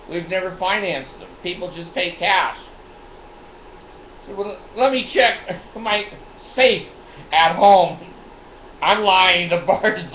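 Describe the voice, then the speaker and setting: A man's voice: high-pitched, reverberant, dull audio, slight background noise. An older man hosting his own show, telling a rambling, bawdy, boastful story and laughing often. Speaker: show host.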